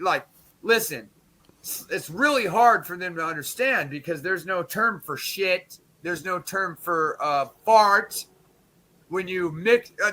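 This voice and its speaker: A man streaming, telling a crude comic story in a profane, rambling way with quick asides. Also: high-pitched, bright, forceful tone.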